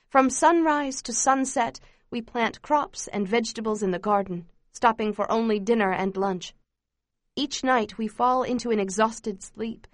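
A woman giving steady, measured first-person narration of a memoir as an audiobook reader. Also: mid-range voice, dry recording, studio quality.

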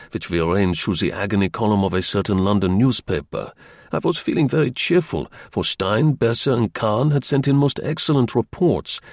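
A man reading a first-person novel in a measured, arch storytelling manner, with a husky voice. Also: fairly low pitch, darkish tone, dry recording, clean studio sound. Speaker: audiobook reader.

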